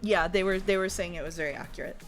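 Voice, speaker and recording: A woman's voice: mid-range voice, fast talker, faint music behind. A woman streamer in casual chat while gaming, reading chat aloud and laughing often. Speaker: streamer host.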